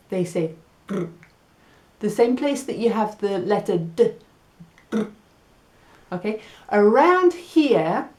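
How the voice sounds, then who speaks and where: A woman with an English accent teaching a Spanish lesson, speaking slowly and repeating words so learners can practise them. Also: mid-range voice, a little mellow, echoey room. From England. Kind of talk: language lesson.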